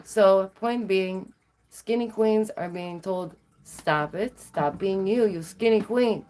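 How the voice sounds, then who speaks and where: A woman vlogger telling stories to her viewers in a sassy, animated way, laughing often. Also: medium pitch. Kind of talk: casual storytelling to viewers.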